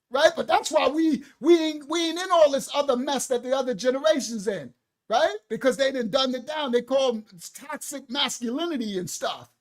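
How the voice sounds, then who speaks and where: A man preaching in a fiery, animated way, loud and slangy, often laughing. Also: very high voice.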